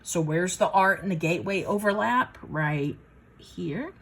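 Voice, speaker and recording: A woman's voice: on the low side, expressive, measured pace, fairly bright tone, slightly rough. A woman teaching math in a casual, folksy way, talking herself through each step of a problem. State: a little out of breath. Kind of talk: casual worked-problem lesson.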